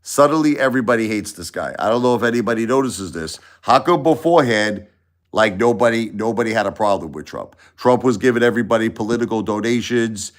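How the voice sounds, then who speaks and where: Low-voiced man ranting on a livestream. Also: fairly quick. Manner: rambling, repeats himself, animated. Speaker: livestream host. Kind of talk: casual opinion livestream.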